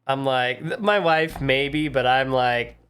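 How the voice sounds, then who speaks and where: A man's voice: medium pitch, slow pace, clear, resonant tone. A man co-hosting a casual podcast chat, cursing freely and acting out his kids in quoted lines. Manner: profane, animated, acts out his kids in quotes. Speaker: podcast co-host.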